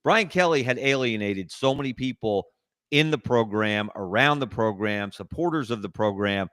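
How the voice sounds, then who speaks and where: A man's voice: on the low side, animated, fairly bright tone, no echo. Analytical man on a dry call. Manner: measured, analytical, building points with lists. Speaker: guest sports columnist. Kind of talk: casual sports talk discussion.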